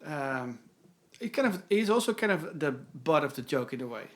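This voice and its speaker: Halting, bit higher-voiced man chatting. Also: big pitch swings, fairly bright tone. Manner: halting, many restarts, mock-dramatic recitations. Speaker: podcast host. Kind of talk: casual chat.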